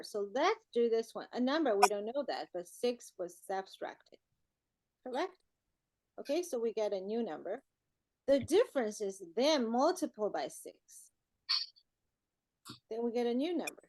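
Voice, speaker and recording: A woman's voice: fairly high pitch, sing-song, measured pace, a little mellow. A woman tutoring math, walking through word problems step by step and often checking in with the whole group. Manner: keeps checking in with "okay, everybody".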